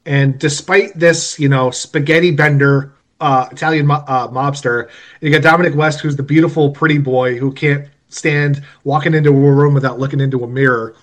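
A man's voice: a little high, steady tone, normal speed. A man co-hosting a casual film review chat, talking in long rambling runs with jokey asides. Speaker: movie podcast co-host.

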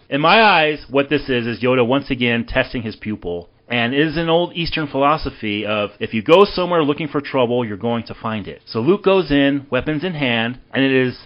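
A male podcast host with a middle-range voice talks through a film scene by scene. He recaps with animated energy, as if steering a casual chat among friends. The audio is a bit dull and lo-fi. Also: mid-range voice.

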